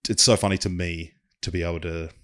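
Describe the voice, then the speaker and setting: A man's voice: deep voice, fairly even intonation, fast, fairly bright tone. A man hosting a podcast alone, chatting casually in a rambling, swearing manner. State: briefly out of breath. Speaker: podcast host. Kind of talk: casual solo podcast chat.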